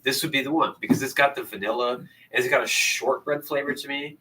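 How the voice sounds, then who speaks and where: Bright-voiced man sharing whiskey opinions. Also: medium pitch, quick pace, far from the mic, slight background noise, rough recording. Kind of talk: casual whiskey tasting chat. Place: bar.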